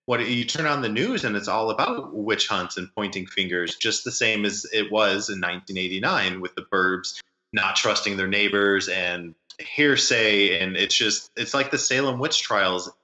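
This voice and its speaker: A man's voice: lowish voice, pushed and bright, roomy sound, poor audio. A man co-hosting a movie podcast, offering thoughtful analysis of the film's themes. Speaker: podcast co-host. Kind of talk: casual movie review chat.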